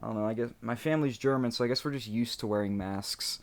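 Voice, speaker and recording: A man's voice: medium pitch, quick pace. Hesitant man with dry humor. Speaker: podcast co-host. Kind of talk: casual chat.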